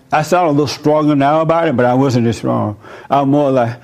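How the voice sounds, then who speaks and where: A man's voice: medium pitch, fairly even intonation, a little fast, darkish tone. A man preaching informally and answering listener questions, speaking conversationally, telling personal stories and chuckling often. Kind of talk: informal sermon.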